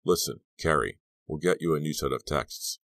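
A man reading the lines of a calm middle-aged school principal in a storybook, measured and dry. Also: a bass voice, gravelly, no echo, full character voice.

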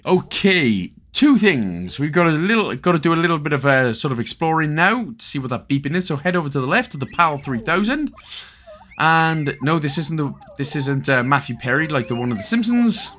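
A man's voice: on the high side, big pitch swings, fairly quick, a bit bright. A young man with a Welsh accent talking through a game guide, chatty and joking with lots of asides. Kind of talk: casual gameplay commentary.

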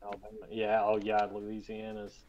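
A man's voice: on the low side, monotone, normal speed, dull audio. A man from the southern United States with a mild Southern accent, a podcast guest who chats casually in short, laid-back remarks. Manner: brief laid-back interjections.

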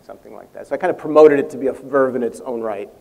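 Older guy on a panel, gravelly voice, tells stories, does the voices, laughs a lot. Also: medium pitch, rapid-fire. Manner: animated storyteller, laughs often, acts out quotes. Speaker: interview guest, language creator. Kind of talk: storytelling anecdote on stage. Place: convention panel room.

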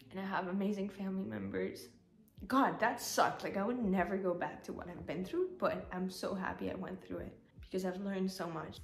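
A woman's voice: medium pitch, a little mellow. A woman vlogger giving a candid, rambling personal update, often saying "like", at times tearful. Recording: roomy echo, faint music.

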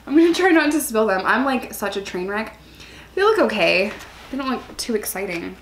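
A woman's voice: a little high, big pitch swings, moderate pace, roomy sound, slight background noise. A young woman chatting casually and self-mockingly at a table at home while eating for her vlog. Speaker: vlogger.

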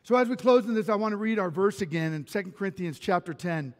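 A man's voice: high-pitched, expressive, fast, few pauses, in a large hall. A man pastor delivering a sermon, telling personal stories animatedly with self-deprecating humor and frequent restarts. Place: church sanctuary.

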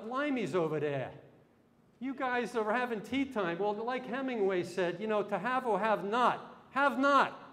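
A man giving a live history lecture in a hall, chatting and quizzing his audience with questions. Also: a little high. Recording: long hall reverb.

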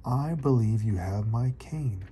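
A man voicing an old male rabbit explorer with a cane, recounting adventures slowly in a read-aloud storybook. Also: mid-range voice, animated, mellow, a little hiss or hum, close to an everyday voice. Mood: proud.

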